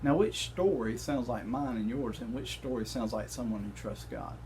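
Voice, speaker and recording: A man's voice: mid-range voice, normal speed, a little mellow, a little hiss or hum. A man teaching a Bible study lesson, talking conversationally and addressing the class directly.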